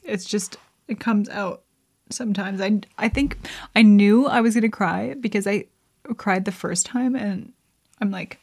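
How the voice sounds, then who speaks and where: A woman's voice: mid-range voice, measured pace, gravelly, darkish tone. A woman hosting a podcast, chatting casually and reading a story aloud, rambling and laughing often. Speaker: podcast host.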